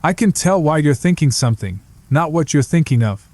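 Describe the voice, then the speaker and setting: A man reads a sardonic young brother who lectures with dry dismissal, his voice a touch higher than the narrator's and mellow. The recording is close and dead. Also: expressive, a little fast, no room sound. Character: blunt, sardonic young man, psychology student.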